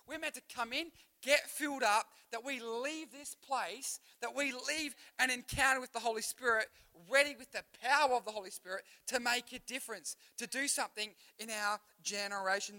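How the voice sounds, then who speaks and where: A young Australian man preaches at a church youth night in a high, bright, forceful voice. He talks to the room casually and throws questions at the crowd. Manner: energetic, conversational, asks the crowd questions. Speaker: youth pastor. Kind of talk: youth sermon. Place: church youth gathering, live.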